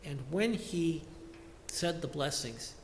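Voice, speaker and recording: A man giving a measured, reflective funeral eulogy as a lay service leader in a large synagogue sanctuary. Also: on the high side, expressive, slight background noise. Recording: echoey hall with long reverb.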